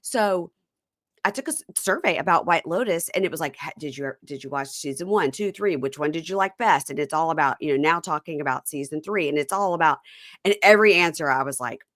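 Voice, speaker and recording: A middle-aged woman from Mississippi hosting a podcast, chatting casually with quick asides and frequent laughter. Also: low-pitched, lively intonation, a bit bright, no room sound, studio quality. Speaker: podcast host. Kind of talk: casual chat.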